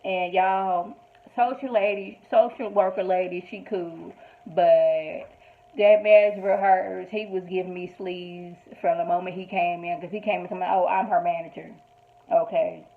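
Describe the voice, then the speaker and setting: A fairly low-voiced woman speaks a little slowly as she recaps a TV episode in a casual review. She tells the story with animated emphasis and quoted asides, and the sound is tinny, like a phone call.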